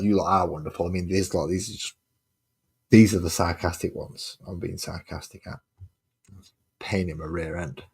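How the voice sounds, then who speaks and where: Guy, low and husky, chatting casually to his stream while painting, with dry sarcastic mutters. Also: steady tone, moderate pace, long pauses, a little mellow. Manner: mutters sarcastic asides to himself.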